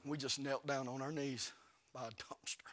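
A man preaching a sermon, telling stories fervently and rising to shouts. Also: mid-range voice, fairly even intonation, moderate pace. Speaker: evangelist preacher.

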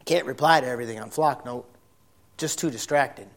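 A middle-aged man preaching a sermon, folksy and blunt, swinging from loud shouts to soft, emotional storytelling. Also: mid-range voice, brisk. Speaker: pastor.

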